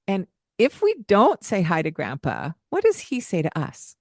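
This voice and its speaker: A woman co-hosting a parenting podcast, her voice sitting a little low. She talks in an animated, playful way, slipping into singsong greetings as she acts out talking to children. The sound is dry and close. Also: normal speed, dry recording. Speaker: podcast co-host. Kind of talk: casual parenting advice chat.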